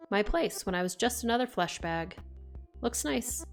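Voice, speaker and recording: A woman's voice: mid-range voice, lively intonation, normal speed, faint music behind, lightly acted. A woman doing a grumbling sarcastic ghost. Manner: dismissive, grumbling. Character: sarcastic nonbinary ghost, grumpy about gentrification.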